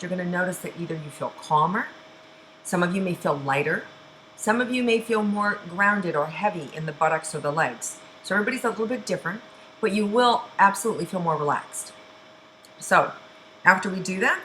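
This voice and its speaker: A middle-aged woman hosting a weekly intuition show, guiding listeners through breathing with a slow, soothing manner and frequent sighs. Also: mid-range voice, pushed and bright, a little hiss or hum, low-quality recording. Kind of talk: guided meditation and intuitive reading.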